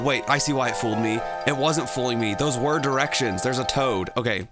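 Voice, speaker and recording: Rambling American man over loud game music. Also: mid-range voice, fairly quick, few pauses. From Tennessee, USA. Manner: rambling, distracted by gameplay, many fillers. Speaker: streamer. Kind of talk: casual storytelling while gaming.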